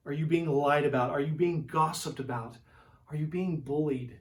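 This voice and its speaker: A man preaching a sermon, slow and deliberate, asking one rhetorical question after another and dropping to a soft whisper for quoted refrains. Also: on the high side, distant mic. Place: church.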